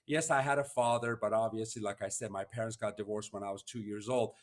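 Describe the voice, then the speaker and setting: A man's voice: fairly low pitch, fairly even intonation, fast talker. Earnest man telling a personal story. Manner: earnest, emotional, heartfelt. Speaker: podcast host.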